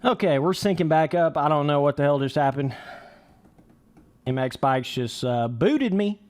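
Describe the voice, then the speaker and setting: A man's voice: on the high side, expressive, moderate pace, a little mellow. A young man giving casual, rambling livestream commentary while playing a game, swearing freely. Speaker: gaming livestreamer.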